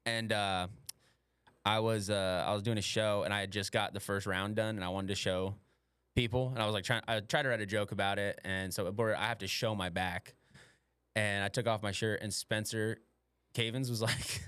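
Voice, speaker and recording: A man's voice: on the low side, fairly even intonation, moderate pace, fairly bright tone, smooth, dry recording, clean studio sound. A young man, a podcast host and stand-up comic, chatting casually and telling rambling stories full of swearing and playful slang.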